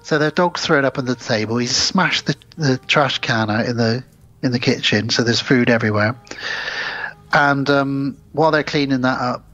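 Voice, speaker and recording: A man's voice: mid-range voice, moderate pace, sharp tone, lo-fi sound. A man co-hosting a podcast, retelling film scenes in casual chat and acting out the characters' lines. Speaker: podcast co-host.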